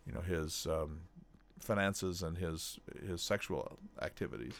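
A man's voice: deep voice, a little slow, gravelly, no room sound. Hesitant Midwestern man, radio host. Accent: General American Midwestern. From North Dakota. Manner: hesitant, with a slight catch in the voice. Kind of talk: radio talk show conversation.

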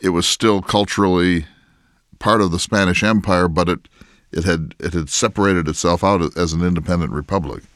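A man playing an elderly early American ex-president, speaking in character in a measured, inquisitive way with frequent restarts, recorded in a barn. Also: deep voice, fairly even intonation, fairly bright tone, no echo, clean studio sound. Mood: explaining. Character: early American ex-president, elderly male statesman, curious and scholarly. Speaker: historical interpreter. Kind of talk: in-character public dialogue.

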